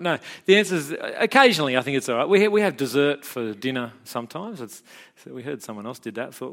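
A man's voice: mid-range voice, sing-song, a little fast, fairly bright tone. A middle-aged man with an Australian accent preaching a sermon in a chatty, joking way, often stumbling and repeating words. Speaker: pastor. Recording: long hall reverb.

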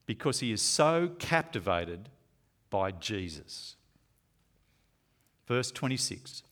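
A man preaching a sermon to a congregation, swinging from loud emphatic lines to slow, hushed asides. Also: on the low side, big pitch swings.

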